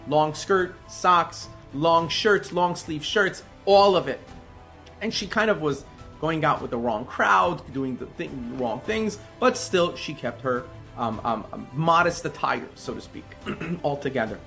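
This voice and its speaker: A man recounts a faith story in a slightly raised voice. His delivery is animated and emphatic, swinging suddenly from loud to quiet. Soft music plays faintly behind him. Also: a little high, takes it slowly, vocal fry. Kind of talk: religious storytelling monologue.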